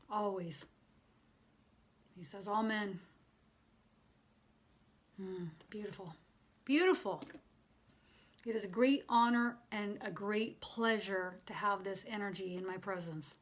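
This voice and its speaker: A woman medium channeling messages live, emotional and near tears, swinging from bubbly laughter to soft hushed tones. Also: medium pitch. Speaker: spiritual medium.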